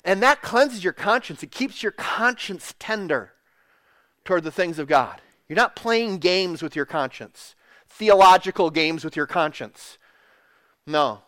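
A man's voice: sits high, animated, unhurried, a bit bright, no echo. A man preaching a sermon, earnest and emphatic, repeating phrases and restarting mid-thought. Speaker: pastor.

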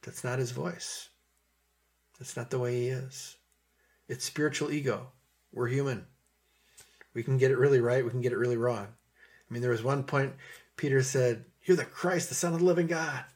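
A man delivers a sermon in a relaxed, conversational way, circling back over his points and letting his voice fall soft on the gentle passages. His voice is husky, with a pitch sitting in the ordinary middle range for a man. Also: normal speed, long pauses. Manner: conversational, repeats himself, drops to soft tones for gentle passages. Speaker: preacher.

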